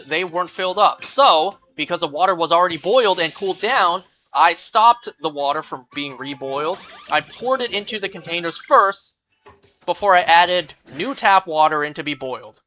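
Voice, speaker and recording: Woman streamer venting while gaming, bright sharp voice, kinda low, swears a lot. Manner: exasperated ranting storyteller, swears freely. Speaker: game streamer. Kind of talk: casual chat while gaming.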